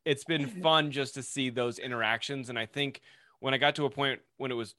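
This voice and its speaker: Casting: man, podcast guest, bright voice, dry close sound, laid-back storyteller. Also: medium pitch, fairly quick, no room sound. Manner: relaxed storytelling with filler words. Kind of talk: casual podcast chat.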